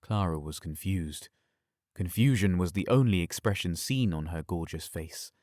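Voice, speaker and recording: A man narrating an audiobook in a scripted, measured storytelling delivery. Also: low-pitched, a little mellow, no echo, studio quality.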